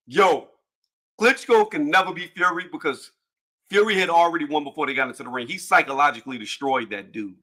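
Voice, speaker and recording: A man hosting a casual boxing livestream panel, joking loudly and cursing, with frequent laughs and trash talk. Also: fairly high pitch, fairly quick.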